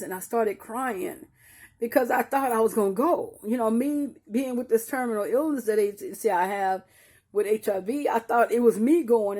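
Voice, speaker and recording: Older lady telling viewers a personal story, kinda high voice, warm and mellow, lots of restarts, chatty y'all style. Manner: talks straight to listeners, calling them y'all; repeats and restarts while recalling painful memories. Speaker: grieving mother.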